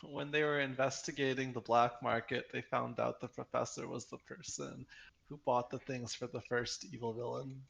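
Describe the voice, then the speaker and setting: A man's voice: little pitch movement, normal speed, creaky, fairly bright tone, slight background noise. A man co-hosting a podcast, chatting casually and sounding exasperated and amused. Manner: exasperated and laughing, jumps high in pitch when amused. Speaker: podcast co-host reviewing webcomics. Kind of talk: casual chat.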